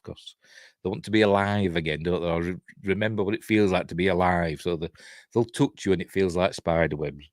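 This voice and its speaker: A Yorkshire man in middle age tells a film's story at his desk in a low, easygoing voice. He rambles, chuckles and briefly acts out quoted lines. The sound is close and dry, with no room echo. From Yorkshire, England. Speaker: film reviewer. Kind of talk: casual film recap.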